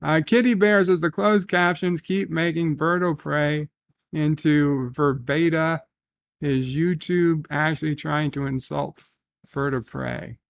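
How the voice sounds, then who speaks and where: A male live stream host with a gravelly, fairly high voice talks slowly and evenly over lo-fi audio. In this casual stream he reads viewer comments from chat aloud, rambling and thinking out loud.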